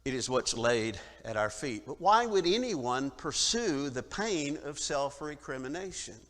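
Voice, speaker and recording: A man's voice: mid-range voice, sing-song, a little slow. Preaching man in a reverberant church. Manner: dramatic swings from loud declaring to quiet reflection. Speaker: minister. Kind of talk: sermon. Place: church sanctuary.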